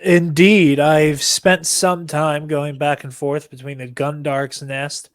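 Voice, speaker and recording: Male player, slightly high voice, unhurried deliberate delivery. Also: little pitch movement, no room sound, clean studio sound. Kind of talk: in-character tabletop role-play.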